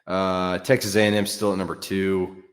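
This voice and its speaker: A man's voice: deep voice, flat delivery, normal speed, big-room sound. A man hosting a solo sports show, talking in a frank, offhand way with fillers and some mild cursing. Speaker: sports podcast host. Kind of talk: casual solo sports commentary.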